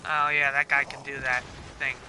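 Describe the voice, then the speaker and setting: A man's voice: mid-range voice, level tone, normal speed, noisy background. A teenage boy giving live gameplay commentary, rambling and making crude jokes with frequent giggles. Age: teens. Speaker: gaming streamer. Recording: loud game music behind voice.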